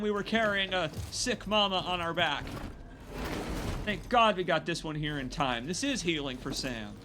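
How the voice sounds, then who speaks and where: A young male streamer gives live gameplay commentary with a bright, forward voice. He jokes and reacts excitably, switching between talking to viewers and talking back at the game. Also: a little high, moderate pace, soft background music. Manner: jokey, excitable, talks to chat and to the game. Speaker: gaming streamer.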